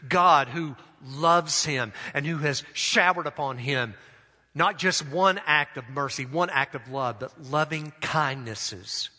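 A man preaching a sermon, drawing out phrases and letting his sentence endings fall soft. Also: on the high side, takes it slowly, big-room sound. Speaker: pastor.

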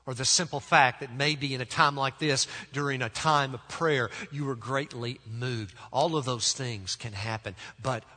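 A man preaching a sermon as pastor. He speaks emphatically, with deliberate pauses, and often drops to soft, low tones. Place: church sanctuary. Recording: long church reverb.

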